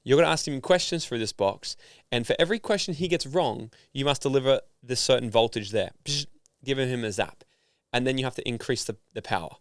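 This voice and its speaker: A man from Australia, a guest on an interview podcast, telling a story in a casual, animated way and acting out the voices of people in it. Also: mid-range voice, quick pace, hardly any pauses, no room sound, clean studio sound. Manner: animated, acts out voices in his stories. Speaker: guest, personal development founder.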